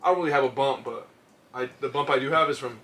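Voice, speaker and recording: A man in his twenties, co-hosting a comedy podcast, telling stories in an animated, profane way. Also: medium pitch, fast. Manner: animated, profane storytelling with acted-out quotes. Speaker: podcast co-host. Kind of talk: casual chat. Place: home studio shed.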